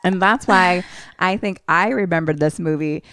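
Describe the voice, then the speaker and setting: A young woman co-hosting a podcast, retelling a film in a casual, animated way and laughing often. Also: lowish voice, moderate pace, no echo. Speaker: podcast co-host.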